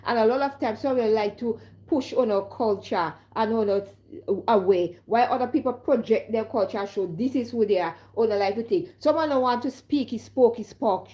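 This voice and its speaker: A woman's voice: a little high, normal speed, warm tone, muffled recording. A woman with a Caribbean accent talking casually to her viewers as a live streamer, emphatic and repeatedly asking if they understand. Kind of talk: casual direct-to-camera monologue.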